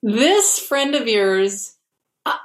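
A woman hosting a comedy advice podcast from home over a video call, reading listener letters in a dry, deadpan way. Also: a little high, very slow, roomy sound. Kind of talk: casual comedic chat.

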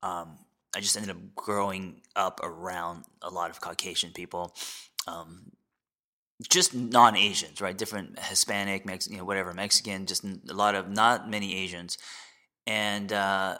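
A man in his forties, a podcast host and therapist, sharing a candid personal story in a reflective, halting way with many fillers and restarts. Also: low voice, fairly even intonation, sharp tone. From United States.

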